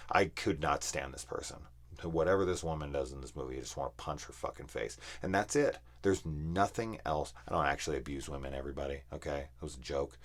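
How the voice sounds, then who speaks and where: A man's voice: rumbling low, fairly quick. A man reviewing a horror film in casual, profane, exasperated ranting.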